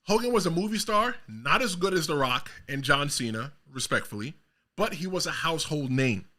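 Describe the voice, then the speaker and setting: A man's voice: fairly high pitch, moderate pace. A man hosting a solo podcast, talking casually and animatedly, rambling and correcting himself as he goes. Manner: animated, rambling, self-correcting, bursts of quoting voices. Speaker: podcast host.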